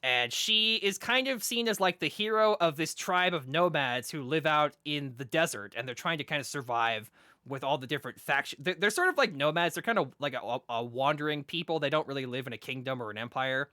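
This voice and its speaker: A man co-hosting a casual podcast chat, rambling excitedly with lots of fillers and restarts. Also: a little high, fairly quick, no echo, clean studio sound. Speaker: podcast co-host.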